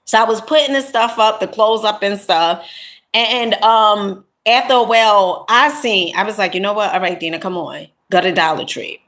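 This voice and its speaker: A woman's voice: medium pitch, normal speed. A woman talks to her viewers in a loose, rambling storytelling vlog. She often starts over and fills gaps with "um" and "you know". She keeps calling listeners honey and my love. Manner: chatty, rambling, with many fillers and restarts; warm pet names to viewers. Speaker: content creator.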